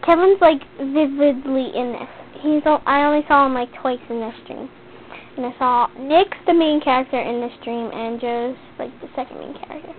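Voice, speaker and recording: A woman's voice: sits high, moderate pace. A teenage girl telling a long story in a chatty, rambling way, full of "like.". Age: teens. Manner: chatty, rambling, heavy use of "like". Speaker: vlogger. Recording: tinny lo-fi webcam audio with faint hiss.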